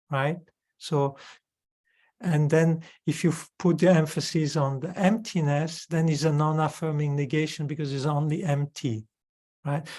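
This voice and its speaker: A man teaching Buddhist philosophy and answering a student's question, explaining in a measured way and checking in with short tag questions. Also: fairly high pitch, darkish tone.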